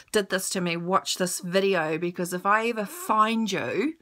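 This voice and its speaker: Slow, bright-voiced woman telling a story. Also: mid-range voice. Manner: emotional, blunt, swears freely. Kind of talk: personal storytelling vlog.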